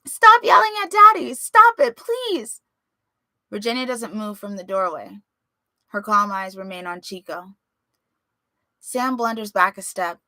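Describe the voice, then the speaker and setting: A woman reading a story aloud with expressive, dramatic narration. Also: on the low side, no room sound. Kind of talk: audiobook-style story reading.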